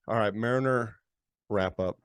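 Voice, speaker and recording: A man's voice: medium pitch, takes it slowly, no room sound. A man with a mid-range voice recorded close and dry. He co-hosts a casual podcast, chiming in with short remarks and laughing easily. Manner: laid-back, chimes in and laughs. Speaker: podcast co-host. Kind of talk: casual chat.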